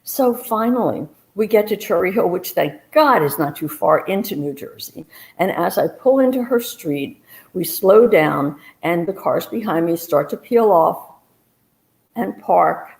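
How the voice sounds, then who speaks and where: A woman telling a true first-person story on a live stage, with a brisk, animated and self-mocking way of talking. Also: fairly low pitch, gravelly. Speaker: storyteller, investigator.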